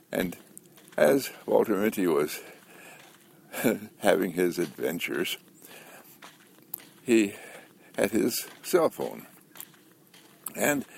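Husky, gravelly man with a lively voice. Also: sits low. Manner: asks the listeners many questions; chuckles as he talks. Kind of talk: inspirational talk with anecdotes.

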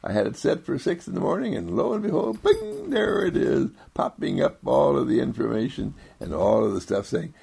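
A man with a deep, heavily gravelly and husky voice muses softly in a gentle inspirational monologue. His pitch swings widely, rising high when he quotes others. He rambles, circles back on his words and chuckles often. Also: big pitch swings, moderate pace. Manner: rambling, repetitive, soft-spoken, chuckles often.

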